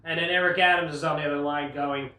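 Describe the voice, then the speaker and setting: Here the comedian host talks fast in a sharp, higher-pitched voice with fairly even intonation, riffing sarcastically and chuckling at his own gags. His rambling monologue is picked up by a faraway mic in a roomy-sounding space.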